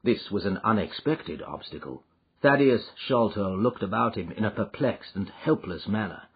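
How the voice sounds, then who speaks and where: A man narrating a classic detective audiobook in a measured, even storytelling manner. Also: on the low side, slightly rough. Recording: slightly muffled lo-fi audio.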